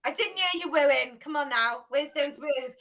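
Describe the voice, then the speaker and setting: Bubbly high-voiced woman trainer. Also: normal speed, sharp tone, recorded from a distance, poor audio. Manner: bubbly, encouraging, leads singing and dancing. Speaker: camp trainer. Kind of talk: online group training. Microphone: video call.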